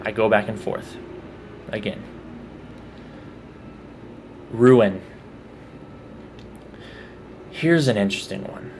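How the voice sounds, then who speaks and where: A vlogger from Texas with a Texan accent reads through a word list, casually remarking on how he pronounces each one. His voice is fairly low, slow-paced and a little mellow, with a slight hiss or hum on the recording.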